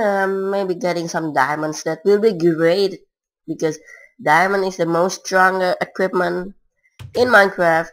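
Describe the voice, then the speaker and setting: This gamer's voice sits on the low side with a fairly bright tone, captured in a rough recording. She chats casually and meanders through her gameplay in non-native, broken English, leaning often on fillers.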